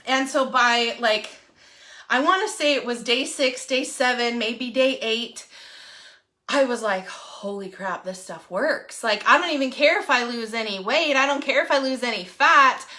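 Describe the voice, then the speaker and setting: A woman, telling a personal story to viewers in a chatty, animated way and often asking "right?". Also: high voice, moderate pace. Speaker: real estate agent.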